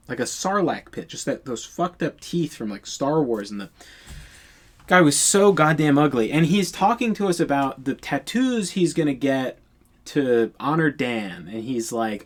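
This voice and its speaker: A man's voice: mid-range voice, big pitch swings, moderate pace. A man telling a storytime tale in a casual monologue, exasperated and profane, rambling with many restarts.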